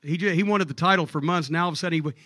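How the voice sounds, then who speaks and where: A man telling profane stories on stage at a live comedy club show, animated and jokey. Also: fairly high pitch, rapid-fire, no echo.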